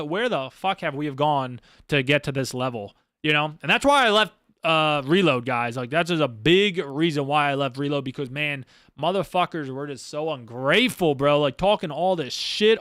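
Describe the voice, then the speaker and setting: A man's voice: fairly high pitch, pushed and bright, no echo, studio quality. A young man talking casually on a livestream, blunt and profane, rambling with lots of fillers and restarts. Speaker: streamer; Marine.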